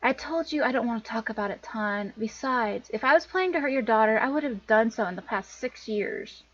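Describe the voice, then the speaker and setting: A defensive young adventurer with a hidden past, read by a woman. The voice is insistent and sits fairly high. The sound is dull and muffled. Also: expressive, fairly quick. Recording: dull lo-fi recording.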